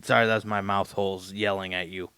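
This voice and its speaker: A man co-hosting a casual comedy podcast, talking with a sore mouth after getting teeth pulled. His voice is gravelly and bright, and his manner is goofy and easily flustered. The recording is dry and close. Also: sits low, level tone, fairly quick, no echo. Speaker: podcast co-host.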